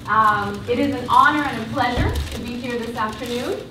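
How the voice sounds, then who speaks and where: Woman lecturer, earnest and expressive, higher voice, distant mic, faint hiss. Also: normal speed. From Cuba. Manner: earnest, expressive, warm-hearted speaker. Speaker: university lecturer giving a talk. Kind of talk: public lecture with a recited poem. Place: lecture hall. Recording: roomy hall sound from a distance.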